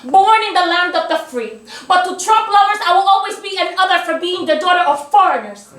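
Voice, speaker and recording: High, bright spoken-word poet with Spanish accent. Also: female voice, expressive, brisk, distant mic. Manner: rhythmic, declamatory delivery. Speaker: competing poet. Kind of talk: spoken-word poetry performance. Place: museum event space with live audience. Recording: echoey room picked up from afar.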